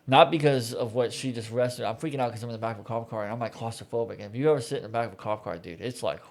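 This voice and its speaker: A man's voice: mid-range voice, rapid-fire, vocal fry. A man co-hosting a podcast, telling a personal story in casual chat with lots of "dude" and "like". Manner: storytelling, heavy use of "dude" and "like". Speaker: podcast co-host.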